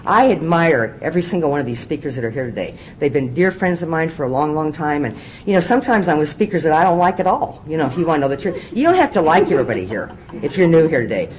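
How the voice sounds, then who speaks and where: Low-voiced fast-talking woman telling her story. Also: big pitch swings, a little hiss or hum, poor audio. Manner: candid, storytelling, repeats words on restarts. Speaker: recovery meeting speaker. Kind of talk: personal testimony talk. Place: meeting hall podium.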